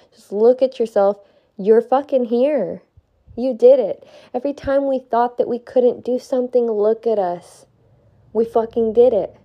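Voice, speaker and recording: A woman's voice: on the high side, muffled recording. A young woman with a stuffy nose giving an earnest, heartfelt spiritual pep talk to her viewers, swearing now and then for emphasis. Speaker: vlogger.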